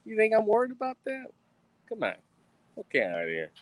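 A man's voice: high-pitched, huge pitch swings, fairly quick. A young man, ranting on a livestream in a boastful, profane, swaggering way. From Texas. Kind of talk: casual rambling livestream rant. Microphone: streaming mic.

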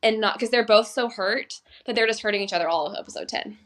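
Woman podcast co-host, bright tone, slightly high pitch, animated chat. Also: quick pace. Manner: animated, acts out quoted dialogue. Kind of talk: casual chat.

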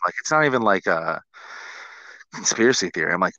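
A man's voice: low-pitched, fast talker, creaky, pushed and bright, dry recording, lo-fi sound. A man in his forties hosting a podcast, talking in a casual, profane, ranting way. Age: 40s. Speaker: podcast host.

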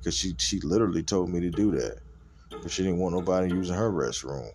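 A man's voice: sits low, fast, a little mellow. A man hosting a podcast, telling a personal story in a loose, profane, conversational way. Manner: fillers like "you know what I'm saying". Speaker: podcast host. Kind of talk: casual storytelling.

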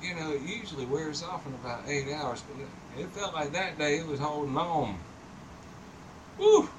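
A man's voice: fairly high pitch, moderate pace. Rambling, laughing man heard from a distance. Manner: rambling, laughs often, profane. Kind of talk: casual storytelling chat. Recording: distant mic with noticeable background noise.

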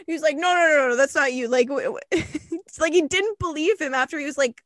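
A young woman co-hosting a podcast, telling a story in a casual, animated way, laughing and swearing often. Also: high voice, a little fast, dry recording. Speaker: podcast co-host.

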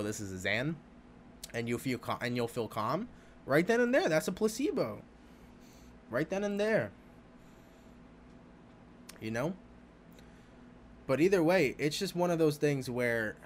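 A man's voice: medium pitch, a little hiss or hum. Rambling, profane man hosting a podcast. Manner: rambling, profane, animated, laughs often. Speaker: podcast host. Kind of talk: casual spiritual podcast monologue.

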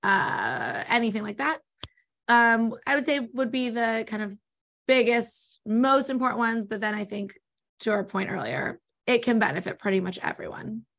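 A woman with a Californian accent talks quickly as an interview guest. She explains legal planning in a casual, rapid way. Her voice sits a little high. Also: expressive, creaky, a bit bright. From born in New York, raised in Los Angeles. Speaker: guest, estate planning attorney.

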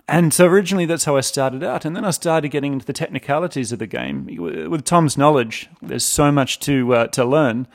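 A man with a New Zealand accent chatting as podcast co-host, his voice sitting a little higher than most men's. He talks in a relaxed, self-deprecating way. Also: a little fast, few pauses. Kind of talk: casual podcast chat.

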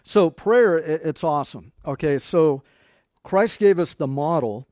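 A man's voice: fairly high pitch, animated, a little slow, darkish tone, no room sound, clean studio sound. A middle-aged man preaching a sermon in a conversational way, quoting scripture and talking to his congregation. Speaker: pastor.

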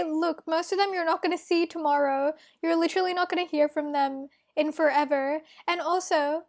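A woman's voice: high voice, gravelly. A young woman from Australia co-hosting a podcast, chatting candidly and swearing freely. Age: young adult. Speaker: podcast co-host. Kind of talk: casual chat.

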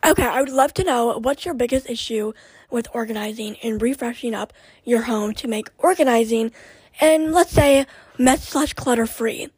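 A woman's voice: on the high side, moderate pace, darkish tone, breathy edge, dry recording. A young woman hosting her own podcast, chatting casually and rambling with lots of fillers and restarts. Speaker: podcast host. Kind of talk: casual chat.

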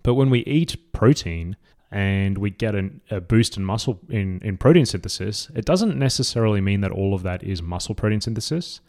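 A man talking casually and explaining training and muscle growth, relaxed and conversational with frequent fillers. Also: on the low side, normal speed. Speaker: fitness educator.

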